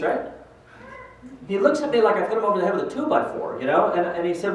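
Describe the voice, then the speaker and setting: A fairly high-voiced older man gives a lively motivational talk, acting out the people in his stories. He is heard from a distance in a big, very echoey hall. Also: fast, long pauses, a little hiss or hum. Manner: animated storyteller acting out quoted voices. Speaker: speaker at a pro-life event.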